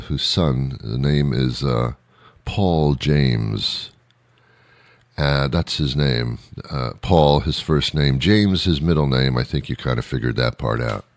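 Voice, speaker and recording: A man's voice: a bass voice, dry recording. A male show host giving a rambling, sarcastic comedic monologue with mock outrage. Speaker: radio host.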